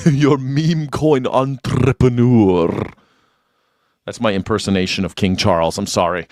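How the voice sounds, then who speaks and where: A man's voice: medium pitch, fairly even intonation, measured pace, darkish tone, dry recording, clean studio sound. A man hosting a live call-in show, talking in a mocking, sarcastic way and laughing often. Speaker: livestream show host.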